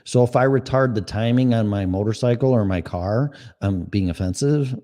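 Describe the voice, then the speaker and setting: A man's voice: on the low side, moderate pace, warm tone. A middle-aged man hosting his own show, ranting in a blunt, profane, argumentative way. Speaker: podcast host. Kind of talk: solo opinion rant.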